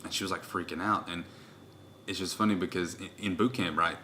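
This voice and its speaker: A man in his twenties hosting a podcast, telling stories in a loud, rowdy, casual way. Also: low voice, fairly even intonation, fairly quick, slight background noise. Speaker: podcast host. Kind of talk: casual chat.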